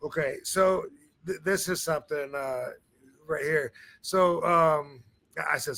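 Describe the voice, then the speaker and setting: A man's voice: fairly high pitch, slow pace, sharp tone. A man hosting a podcast in casual chat, rambling with many fillers and restarts. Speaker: podcast host.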